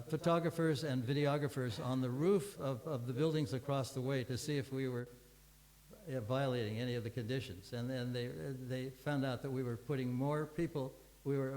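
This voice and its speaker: A man's voice: medium pitch, a little mellow, poor audio. An older man giving a scripture class, telling a long story in a rambling way with many restarts and fillers.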